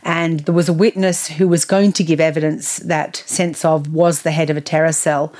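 Chatty woman with a lowish voice. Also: fairly even intonation, normal speed, darkish tone. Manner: chatty, recounts news at length with frequent fillers. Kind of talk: casual conversational storytelling.

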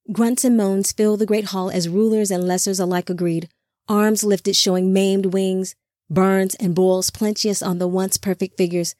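A woman narrating an audiobook in an even, measured reading. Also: mid-range voice, no room sound, studio quality.

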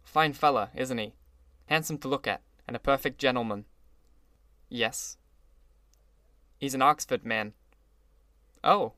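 A man voicing a gloomy, sentimental older gangster, speaking slowly and with heavy emphasis. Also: mid-range voice, bright, forceful tone, no echo, clean studio sound. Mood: admiring. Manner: brooding, slow, emphatic.

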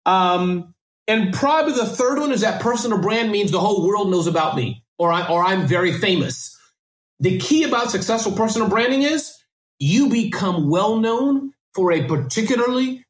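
Guy talking super fast and hyped, tripping over his words, echoey room. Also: high voice. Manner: energetic, fast-talking with many restarts. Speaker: guest. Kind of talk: casual interview answers.

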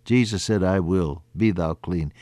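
A man preaching an earnest sermon, quoting scripture in old-fashioned wording and rising, then dropping to a hushed voice. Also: deep voice, unhurried, no echo, studio quality. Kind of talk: radio sermon.

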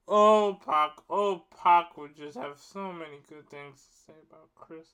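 A man's voice: high-pitched, a little slow, pushed and bright, clear, resonant tone. A man giving a casual rant to his viewers, emphatic and profane, repeating himself for effect. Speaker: vlogger.

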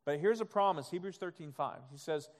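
A male pastor delivers a sermon, moving between soft, hushed stretches and loud, forceful ones, and he voices God in quoted asides. His voice sits a little high and his pace is brisk. The recording carries a long hall reverb.

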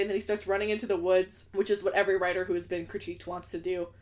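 A woman's voice: medium pitch, steady tone, quick pace, hardly any pauses. A young woman co-hosting a podcast, recapping a film in casual chat and acting out quoted lines in exaggerated voices. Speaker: podcast co-host.

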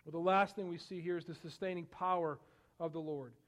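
A man's voice: on the high side, fairly even intonation, fairly quick, fairly bright tone. A male pastor preaching a sermon, building to emphatic bursts on scripture and often repeating words as he goes. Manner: frequent word repeats and restarts.

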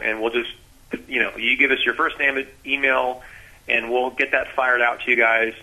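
Man, sales trainer, radio guest, very bright tense voice, animated. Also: medium pitch, moderate pace, rough recording. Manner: animated, acts out sales dialogues. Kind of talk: energetic explaining on a radio interview.

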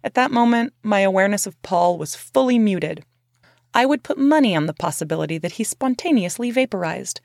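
A woman's voice: medium pitch, expressive, brisk, gravelly, a little mellow, dry recording, studio quality. Candid woman narrating a memoir. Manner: candid, conversational, profane.

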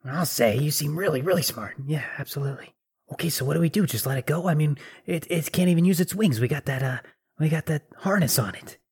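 Man voicing a goblin soldier, gullible, easily swayed, husky, slightly high. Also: fast, darkish tone. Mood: agreeable.

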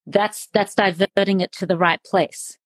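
A woman's voice: mid-range voice, steady tone, measured pace. A woman hosting a podcast interview, thoughtful and searching for her words. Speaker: podcast host. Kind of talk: casual interview chat.

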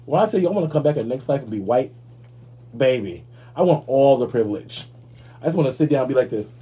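A man hosting a podcast in casual commentary, sassy and animated, swearing freely. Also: mid-range voice, fast, husky. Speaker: podcast host.

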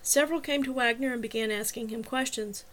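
A woman narrating a first-person novel as an audiobook in a clear, even storytelling manner. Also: a little high, fairly quick.

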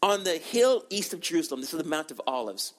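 A man preaching a sermon, animated and conversational, acting out the people in the story and often repeating words as he goes. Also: a little high, quick pace. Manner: animated, acts out quoted voices, repeats words.

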